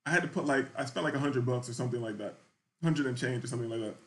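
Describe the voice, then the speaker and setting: In casual podcast chat, a young male host tells a slangy, loose story at a rapid-fire clip with a mid-range voice. He checks in with the listener constantly, repeatedly asking "you feel me."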